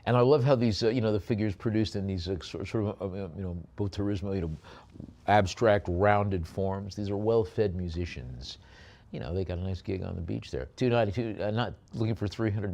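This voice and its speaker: A man running a live auction, rattling off bids quickly and breaking into chatty, filler-heavy descriptions of each lot. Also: low voice, a little mellow. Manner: rapid bid calling mixed with chatty asides and many fillers.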